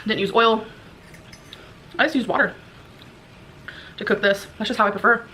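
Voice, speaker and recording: Bright-voiced woman vlogging at home. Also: fairly high pitch, fairly even intonation, normal speed, slight background noise, rough recording. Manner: chatty, explains food as she goes. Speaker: vlogger in a played clip. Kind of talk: casual vlog and mukbang talk. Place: home kitchen with window open.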